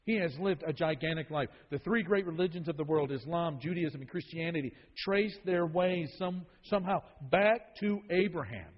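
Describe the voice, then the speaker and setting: Emphatic preacher in a reverberant hall. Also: male voice, on the high side, normal speed, hardly any pauses. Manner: emphatic, repeats key phrases for weight. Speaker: Bible study teacher. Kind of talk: sermon-style Bible teaching. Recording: dull lo-fi sound with long hall reverb.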